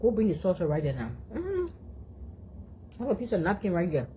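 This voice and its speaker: A woman's voice: on the low side, huge pitch swings, a little fast, dark tone, slight background noise. A woman from Africa, chatting casually to her phone and her dog between mouthfuls and humming as she chews. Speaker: vlogger. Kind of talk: casual eating vlog chat.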